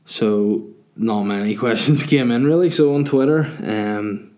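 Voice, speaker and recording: A man's voice: medium pitch, measured pace, a little mellow. A young man hosting a casual solo podcast, rambling and swearing freely. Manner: rambling, chatty, swears freely, laughs easily. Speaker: podcast host.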